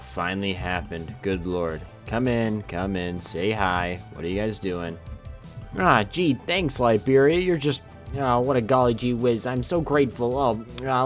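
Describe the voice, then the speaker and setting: A man giving casual, sarcastic let's-play commentary while playing a strategy game. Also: on the low side. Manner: sarcastic, playful, exclaiming. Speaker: gaming YouTuber.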